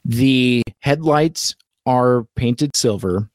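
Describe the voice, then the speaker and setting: A man chats his way through a live-stream toy review in a halting, rambling manner, stopping often and starting over. His voice sits at an ordinary middle pitch. The sound is dry and close, with no room echo. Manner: rambling, halting, many fillers and restarts.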